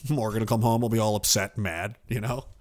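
A man's voice: lowish voice, steady tone, a little fast. A man streaming and reading viewer messages, talking in a rambling, profane, self-interrupting way. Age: older.

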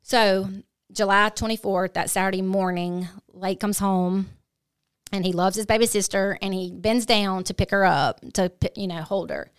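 A woman's voice: medium pitch, steady tone, smooth, no room sound. Earnest middle-aged woman, dry close sound. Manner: earnest, halting, with frequent restarts. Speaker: podcast guest. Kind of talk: candid personal storytelling.

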